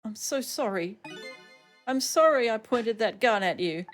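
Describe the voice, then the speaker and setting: A woman voicing a sweet, shy young girl in a game, soft and apologetic. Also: fairly high pitch, expressive, measured pace, faint music behind, pitched above the performer's own voice.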